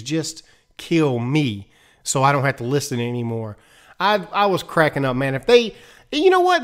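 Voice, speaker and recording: Young man, slightly high voice, chatty and animated, casual show recap. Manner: chatty, animated, laughs easily, acts out quotes.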